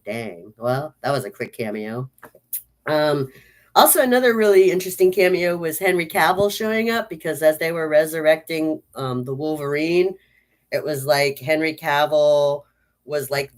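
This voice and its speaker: A woman giving a casual spoken movie review, chatty and enthusiastic, with lots of "like" and "um". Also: deep voice.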